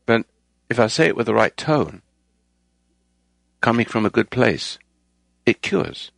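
A man's voice: mid-range voice, expressive, measured pace, vocal fry, a bit bright, dry recording. A man hosting a talk program, delivering a rambling, moralizing monologue and raising his voice to stress points. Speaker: radio show host.

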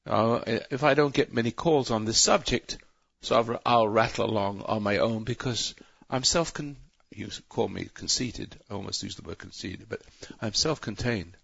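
A man with a fairly low, gravelly voice that's a bit bright with a breathy edge speaks at a moderate pace. The recording is lo-fi with no echo. Hosting a call-in radio show, he delivers a talk radio monologue, lecturing in a preachy, rambling way and often cutting himself off mid-sentence.

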